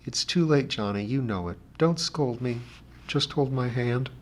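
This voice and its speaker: A man's voice: mid-range voice, unhurried, lightly acted. A man reading aloud who voices a frightened but defiant teenage girl in a pleading, emotional way. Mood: resigned.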